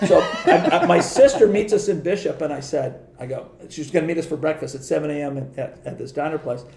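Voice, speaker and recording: A man in his sixties, a podcast guest from Southern California, telling animated stories in casual chat with lots of restarts. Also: fairly high pitch, fast talker, gravelly, reverberant, background noise. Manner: animated anecdotes with many restarts and quoted voices.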